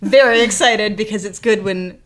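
A young adult woman co-hosting a casual chat podcast, wry and quick to laugh, steering the talk. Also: mid-range voice, a little hiss or hum. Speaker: podcast co-host.

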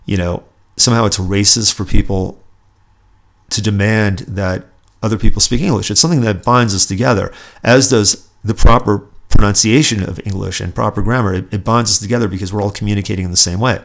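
A man's voice: lowish voice, fairly even intonation, brisk, gravelly. A man from California, hosting a political podcast with sarcastic, indignant commentary. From Southern California, USA. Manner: indignant, sarcastic, emphatic with repeated restarts. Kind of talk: opinionated solo commentary.

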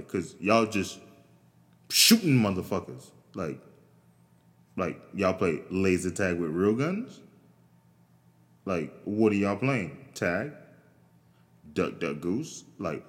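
Male host, very low voice, profane rambling comedic rant with incredulous squeaks, long reverb tail. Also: expressive, slow. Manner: profane, rambling, jumps to shrill incredulous outbursts.

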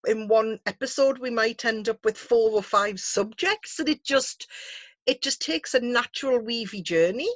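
Chatty lady hosting a podcast, a bit high, super dry close sound. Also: moderate pace, no echo. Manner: chatty, laughs often, eats while talking. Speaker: podcast host. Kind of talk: casual chat.

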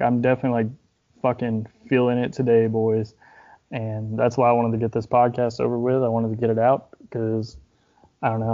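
A young man speaks on a casual podcast at an ordinary, medium pitch. He rambles and swears, leaning on filler words. He sounds grief-stricken, as if fighting back tears, and the recording is a little dull and lo-fi. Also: mellow. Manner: rambling, heavy use of filler "like", frequent swearing. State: grieving, holding back tears. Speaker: podcast host, wrestler.

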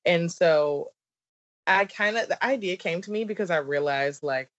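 A woman in her thirties with a Southern accent speaks at a moderate pace in a fairly low voice. She's a business coach appearing as a podcast guest, bubbly and talkative in a casual interview, laughing often and using lots of "like" and "um." The remote audio sounds dull and lo-fi.

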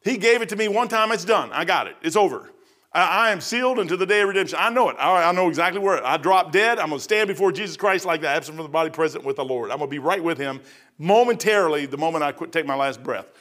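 Middle-aged male pastor, folksy rambling preacher, high-pitched, sings bits of hymns. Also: lively intonation, fast talker, a bit bright. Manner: folksy, rambling, says "man" a lot, half-sings hymn lines. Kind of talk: verse-by-verse sermon.

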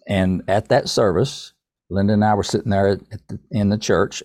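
An older man tells a story from his past as a podcast guest. He sits low in his range and speaks in an easygoing, folksy way. The sound is dry and close, with no room around it. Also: darkish tone, dry recording. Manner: folksy, unhurried, addresses the host by name. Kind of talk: casual storytelling.

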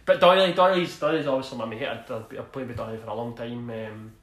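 Fast-talking Scottish man. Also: mid-range voice, steady tone, fairly bright tone, reverberant. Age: 30s. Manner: rambling, laughs often, says "do you know what I mean". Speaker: former footballer guest. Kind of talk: casual storytelling.

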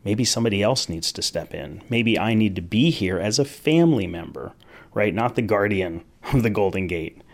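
A man's voice: on the low side, animated, moderate pace. A man hosting a podcast, reflecting appreciatively on his guest's story. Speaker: podcast host. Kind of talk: interview conversation.

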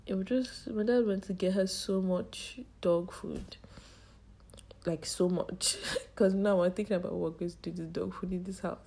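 Tearful young woman, low mellow voice. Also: steady tone, gravelly. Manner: tearful, halting storytelling. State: choked up, strained voice. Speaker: podcast host. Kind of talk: personal monologue.

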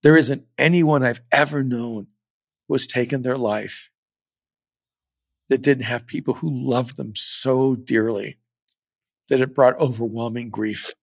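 Gravelly, earnest middle-aged man. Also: medium pitch, dry recording. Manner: earnest and reflective, with frequent restarts. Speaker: podcast host. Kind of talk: personal storytelling on a podcast.

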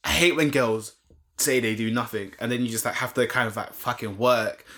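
A man's voice: mid-range voice, a little fast, fairly bright tone. A young man, telling a story in casual chat with laughs and slang.

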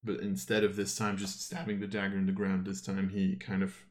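A man narrating as game master of a tabletop game, halting and full of fillers. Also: low-pitched, monotone.

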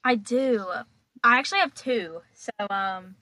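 A woman's voice: fairly high pitch, a little slow, sharp tone, no echo. A young woman telling stories as a podcast guest, chatty and dramatic, laughing as she goes. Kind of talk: casual storytelling.

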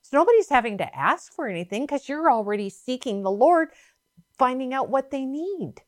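A woman's voice: high-pitched, very animated, normal speed, dry recording, studio quality. Emphatic woman preaching a sermon. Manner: emphatic, dramatic scripture reading.

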